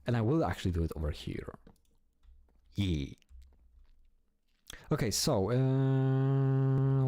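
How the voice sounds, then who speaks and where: Mellow-voiced man narrating his gameplay. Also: lowish voice, dry recording. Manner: chatty, talks to himself while building, swears casually. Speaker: gameplay streamer. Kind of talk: casual gameplay commentary.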